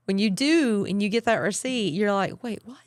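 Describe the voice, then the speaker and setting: A woman's voice: mid-range voice, animated, normal speed. A woman co-hosting a news talk show, adding dry short remarks in casual banter. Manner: dry short interjections, frequent laughs. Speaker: co-host.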